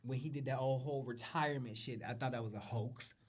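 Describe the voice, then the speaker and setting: A man's voice: medium pitch, fairly even intonation, quick pace, husky. A man hosting a show, talking casually and profanely about runway looks, repeating phrases and trailing off. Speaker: show host. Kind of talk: casual fashion commentary.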